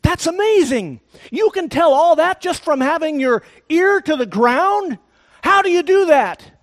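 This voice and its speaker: A man doing an amazed high-voiced cowboy. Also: big pitch swings, a little slow, long reverb tail, heavily acted. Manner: exclaiming in amazement. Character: awestruck cowboy man, wide-eyed and impressed.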